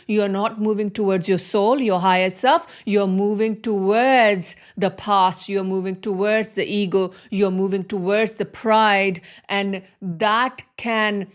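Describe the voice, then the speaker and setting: A woman giving a motivational spiritual talk as a wealth and healing coach, speaking earnestly and repeating her phrases for emphasis. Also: medium pitch.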